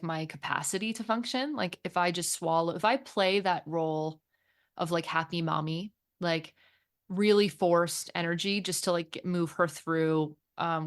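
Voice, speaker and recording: A woman co-hosting a casual parenting chat, earnest and reflective, thinking aloud as she talks. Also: on the low side. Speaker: podcast co-host and teen therapist.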